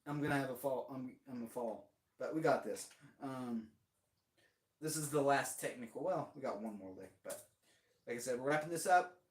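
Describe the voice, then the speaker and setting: A man's voice: mid-range voice, moderate pace. A young man chatting casually while practicing drums, rambling and cheering himself on with casual swearing. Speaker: drummer streaming practice. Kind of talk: casual practice-session chat. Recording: roomy, distant mic, faint noise.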